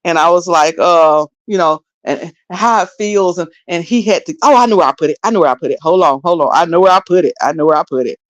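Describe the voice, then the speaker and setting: A woman's voice: lowish voice, quick pace, few pauses, no room sound. A woman hosting a casual livestream, sassy and laughing as she mocks someone. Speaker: livestream host. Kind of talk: casual commentary.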